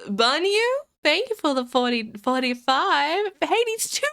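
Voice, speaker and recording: Giggly, excitable woman streamer. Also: sits high, measured pace, vocal fry. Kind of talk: casual live-stream chat.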